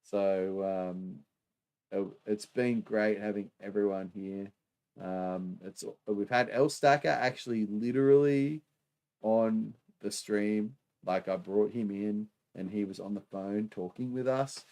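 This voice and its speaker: Livestream host: Australian man, low gravelly voice, chatty, easy laugh. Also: slow pace, a little mellow. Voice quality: chatty, laughs often, many fillers. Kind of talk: casual live-stream chat reading comments.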